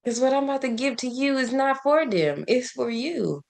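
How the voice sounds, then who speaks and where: Gravelly-voiced woman giving casual devotional talk. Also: high-pitched, animated, moderate pace, a little mellow. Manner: conversational and preachy, asks rhetorical questions, laughs often; repeats words and restarts often. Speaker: faith and self-care vlogger.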